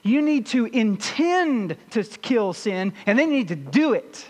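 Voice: medium pitch, very animated, a little slow, big-room sound. A pastor preaching a sermon with emphasis and putting rhetorical questions to the congregation.

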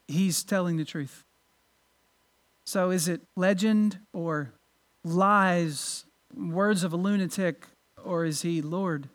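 Pastor, sermon delivery, earnest, stumbles and restarts, rhetorical. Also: medium pitch.

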